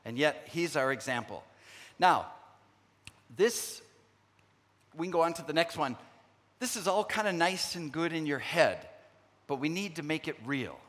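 Middle-aged male preacher, slightly high-pitched, earnest storyteller, long hall echo. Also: animated, a bit bright. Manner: storytelling, acts out remembered dialogue; earnest, frequent pauses and restarts. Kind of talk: sermon.

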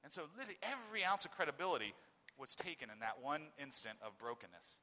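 A man in his forties giving a personal testimony. He swings between loud emphasis and very quiet, halting speech. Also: mid-range voice, big pitch swings, big-room sound. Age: 40s.

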